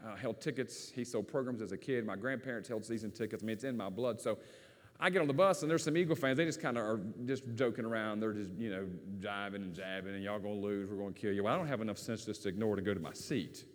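A man's voice: lowish voice, quick pace. A man with a rural Virginia accent, preaching a sermon in a folksy, storytelling way. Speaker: pastor. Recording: long hall reverb.

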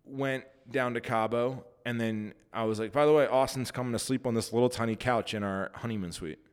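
A man's voice: mid-range voice, steady tone, brisk, smooth, long reverb tail. A man hosting a casual podcast chat who teases his co-host and sets up playful what-if scenarios. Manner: teasing, sets up playful hypotheticals.

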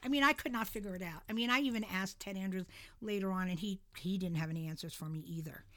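Middle-aged lady telling a ghost story, gets loud and dramatic, chatty podcast vibe. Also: mid-range voice, quick pace. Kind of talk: casual storytelling chat.

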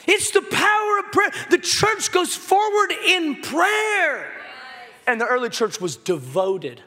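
A man preaches to his congregation in a very high, bright voice, breaking into jokes and then rising to a shout on the lines he wants to land. His sermon rings with the long reverb of a big hall. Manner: animated, joking preacher who shouts key lines. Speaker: pastor.

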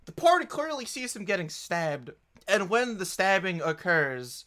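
A man's voice: high voice, very animated, measured pace, bright, forceful tone. A man narrating as game master of a tabletop game, with a wry, mock-pompous manner.

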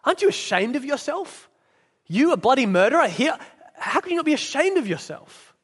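A blustering, aggrieved male ghost, put on by a preacher reading aloud, who demands his rights. The voice sits high and pushes hard. It rings out with a long echo, as in a church hall. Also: sing-song, brisk. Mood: indignant.

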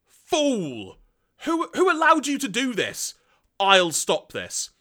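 Here is a raging male robot warlord from a cartoon, put on by a man retelling the story. He is raised in pitch, loud and bright-edged, with a lively, swinging delivery. His tone is scornful and impatient throughout. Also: slow, full character voice. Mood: furious.

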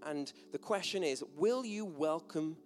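A man's voice: fairly high pitch, lively intonation, a little slow, soft background music. A British man giving a sermon in a church hall, chatty and self-deprecating, with jokey asides. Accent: British English. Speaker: preacher. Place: church hall with a gathered audience.

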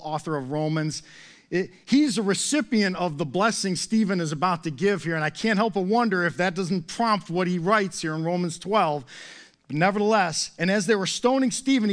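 Preaching in a high voice, a middle-aged pastor talks to his congregation conversationally, leaning on rhetorical questions and self-deprecating humor.

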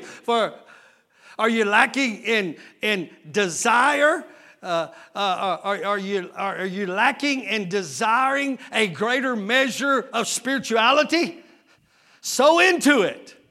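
A man preaching a sermon as lead pastor, using drawn-out emphatic phrasing and calling out rhetorical questions to his congregation. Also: extremely high pitch, pushed and bright. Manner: drawn-out emphatic phrasing, stretching key words.

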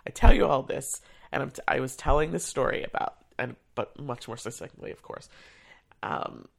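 An adult theater education staff member tells a personal story in a chatty, casual way, using lots of fillers and acting out what people said. The voice is medium-pitched and creaky with a breathy edge, with lively intonation and a moderate pace.

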